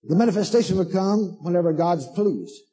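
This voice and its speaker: A man's voice: sits high, lively intonation, brisk, dark tone, husky, poor audio. A man preaching a sermon to a congregation, fervent and emphatic, repeating himself and calling listeners "honey".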